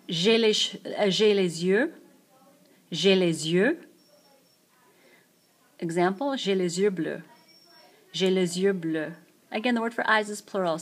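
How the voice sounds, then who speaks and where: Slow, careful woman teaching French vocabulary. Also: lowish voice. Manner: slow, repeats each French phrase twice. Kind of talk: screencast vocabulary lesson. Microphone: tablet mic.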